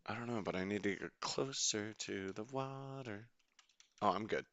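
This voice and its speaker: A young man casually commentating his game as a streamer, rambling, excitable and swearing freely. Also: lowish voice, moderate pace, no echo, lo-fi sound.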